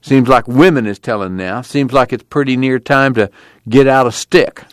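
A man's voice: mid-range voice, moderate pace, no echo, pitched above the performer's own voice, lightly acted. Man reading a sulky, sarcastic farmer father, dry close sound. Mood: grumbling. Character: older farmer father, proud and grumbling.

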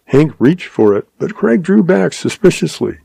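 A man reads a western story aloud in steady, measured narration. His voice is gravelly with a touch of fry, and the recording is dry and close. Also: fairly high pitch, dry recording. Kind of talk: audiobook story reading.

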